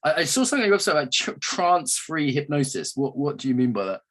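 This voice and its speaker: Fast-talking husky man hosting a podcast. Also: fairly high pitch, very animated, fairly bright tone. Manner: quick, chatty, jokey asides. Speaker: podcast host, interviewer. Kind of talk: casual interview conversation.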